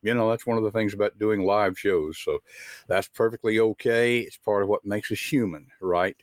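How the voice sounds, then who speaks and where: A man's voice: fairly low pitch, normal speed, no echo. A man with a Southern US accent hosting a live talk show, chatty and folksy, with frequent filler words. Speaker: host.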